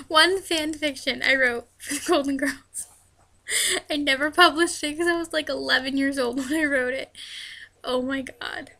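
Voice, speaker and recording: A young woman with a high, bright voice and a fair amount of vocal fry answers fan questions in a relaxed vlog chat. She often breaks into giggles partway through her sentences, and her delivery stays loose and conversational. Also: unhurried. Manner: giggly, laughs often while talking. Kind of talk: casual chat.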